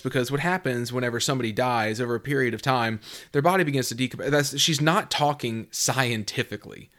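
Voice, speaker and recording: A man in his thirties from the southeastern United States, hosting a casual Bible teaching talk in an earnest, conversational way and reading scripture slowly. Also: mid-range voice, a bit bright.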